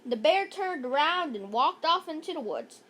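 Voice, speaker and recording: A woman's voice: high voice, very animated, moderate pace, fairly bright tone. A woman reading a children's chapter book aloud in a playful way, with jokey asides. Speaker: narrator.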